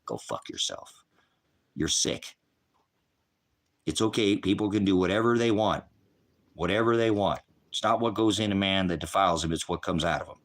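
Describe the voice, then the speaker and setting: Profane streaming preacher, male, low voice, confrontational, quotes scripture between insults. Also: steady tone, a little fast. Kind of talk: profane livestream rant.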